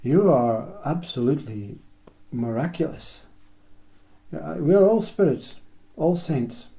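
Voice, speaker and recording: A man giving a reflective spiritual talk in slow, list-like phrases, often acting out small imagined dialogues. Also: on the high side, mellow. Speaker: spiritual teacher.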